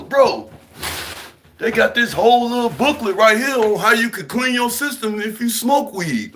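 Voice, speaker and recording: A man's voice: high voice, moderate pace, background noise. A young man ranting heatedly to camera in a profane monologue, acting out other people as he goes. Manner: animated, heated, swearing, acts out other people. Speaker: vlogger.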